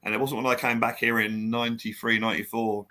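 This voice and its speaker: Rambling, laughing man on a fan podcast, bright and forward tone. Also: medium pitch, level tone, quick pace. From Australia. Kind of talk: casual chat.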